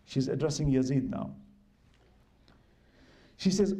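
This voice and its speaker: A man's voice: on the high side, fairly quick, gravelly, pauses often, mellow. A man giving a religious lecture, retelling history emphatically and acting out the quoted dialogue. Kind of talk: religious lecture with dramatic storytelling.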